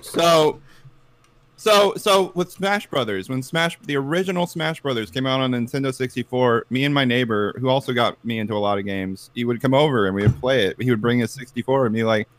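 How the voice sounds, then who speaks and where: A man's voice: medium pitch, a little fast, no echo. A man hosting a podcast in casual chat, joking and laughing as he tells stories. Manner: joking, laughs often, lively storyteller. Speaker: podcast host.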